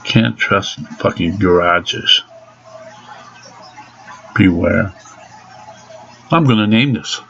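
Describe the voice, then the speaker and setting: A man's voice: low voice, drawn-out words, gravelly, long pauses, fairly bright tone, dull audio, slight background noise. A man venting angrily in a profane vlog monologue about his car being repaired. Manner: angry, cursing constantly.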